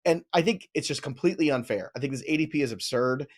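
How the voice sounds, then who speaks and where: A man's voice: mid-range voice, fast talker. A man hosting a fantasy baseball chat, enthusiastic and opinionated as he argues for his picks. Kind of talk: casual analytical chat.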